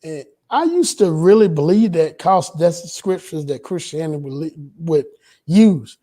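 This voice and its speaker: A man's voice: fairly high pitch, animated, normal speed, mellow. A man in a religious discussion, speaking in a preacherly way with rhetorical questions.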